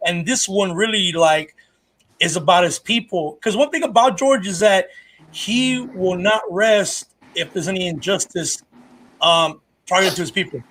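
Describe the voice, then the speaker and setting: A man's voice: high voice, measured pace, a bit bright. A man, a comedian co-hosting a podcast, telling stories in casual chat, rambling and profane with lots of restarts.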